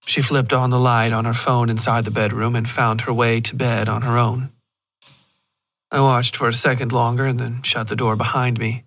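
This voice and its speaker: Man narrating a dark story. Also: mid-range voice. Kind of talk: scripted narration.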